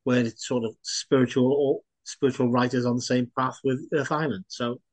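A man hosting an interview, chatting casually with dry, self-mocking humor and wrapping up briskly. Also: medium pitch, little pitch movement. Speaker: host and writer.

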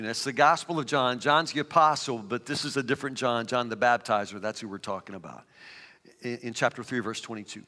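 A man's voice: mid-range voice, fairly quick, bright, forceful tone. A man preaching a sermon, reading scripture aloud and then building to emphatic, rising preaching. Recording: reverberant hall.

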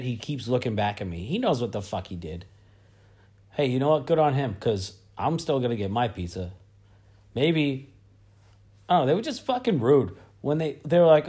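A man's voice: medium pitch, animated, moderate pace, a little mellow. A man hosting a podcast, telling a travel story in a casual, profane style that swings into heated ranting. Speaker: podcast host.

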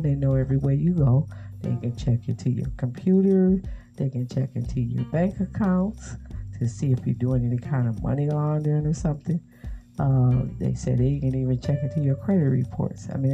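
A woman's voice: low-pitched, gravelly, dark tone. A woman speaking in a casual political monologue, earnest and rambling, with many fillers and restarts. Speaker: commentator. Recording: muffled lo-fi recording with faint guitar music.

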